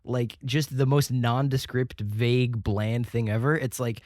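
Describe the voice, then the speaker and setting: A man co-hosting a film podcast, excitable, laughing and rambling in casual chat. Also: medium pitch, measured pace, no room sound, clean studio sound. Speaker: podcast co-host.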